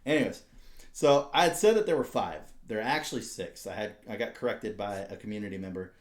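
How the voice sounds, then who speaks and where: A man hosting a podcast, telling a story in casual, profane, animated chat, with a noticeable echo around him. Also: fairly low pitch, fast talker. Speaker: podcast host. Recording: roomy echo.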